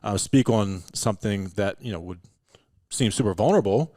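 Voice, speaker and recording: Low-voiced man chatting casually. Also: normal speed, no room sound. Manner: relaxed, heavy use of "like" and "you know". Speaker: podcast guest, meditation and breathwork practitioner. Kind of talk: casual chat.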